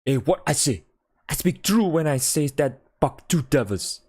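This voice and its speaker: A man reading aloud and voicing an excitable dog driver who exclaims in broken English. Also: on the high side, normal speed, husky, voice pushed up. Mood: exasperated. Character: excitable French-Canadian male dog driver.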